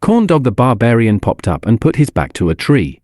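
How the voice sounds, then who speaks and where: A man narrating a fantasy audiobook in a wry, expressive storytelling manner. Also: medium pitch, normal speed, no room sound, studio quality, soft background music.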